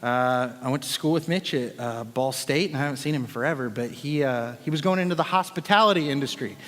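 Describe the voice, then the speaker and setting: A man's voice: medium pitch, fast, fairly bright tone, big-room sound. A man, a worship leader, giving a casual, joking sermon talk full of fillers. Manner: chatty, joking, with many fillers.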